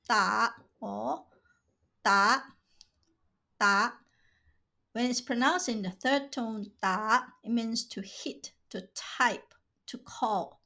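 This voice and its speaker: A woman slowly reading out vocabulary as a teacher, saying each word twice and then giving short meanings. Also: on the high side, a bit bright. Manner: slow, careful, says each word twice. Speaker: language teacher. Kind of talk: slow vocabulary drill, reading words and glosses.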